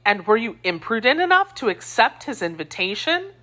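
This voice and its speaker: A woman's voice: on the high side, big pitch swings, moderate pace, sharp tone, voice pushed up. A woman voicing a spirited young wife loyal to her queen, indignant and scornful, in an audiobook reading.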